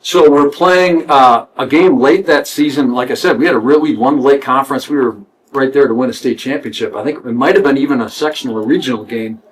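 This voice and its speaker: A middle-aged former player in casual storytelling, lively and animated. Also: male voice, medium pitch, brisk, slight background noise, poor audio.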